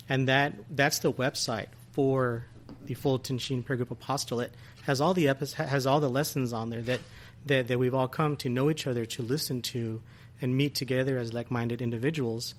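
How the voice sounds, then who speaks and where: A man's voice: medium pitch, a little hiss or hum. A man who is a guest on a podcast, giving earnest thanks and a plug while stumbling a little over his words. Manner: earnest, a bit halting. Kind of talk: casual chat, giving plugs and thanks.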